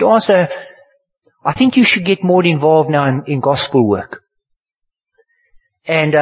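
Animated older preacher. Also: male voice, sits high, husky. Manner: animated storyteller, swings from hushed to loud. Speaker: pastor. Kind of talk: sermon storytelling. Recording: dull lo-fi sermon recording.

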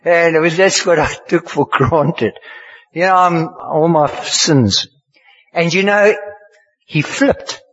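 An older man, preaching a sermon and telling a story, swinging from hushed to loud, with a husky voice. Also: a little high, slow pace, a little hiss or hum. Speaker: pastor. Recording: dull lo-fi sermon recording.

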